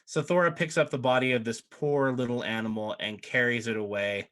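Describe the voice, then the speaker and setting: Bright-voiced man narrating as dungeon master. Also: medium pitch, a little fast. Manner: animated, laughs through narration. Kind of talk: narrating a tabletop game.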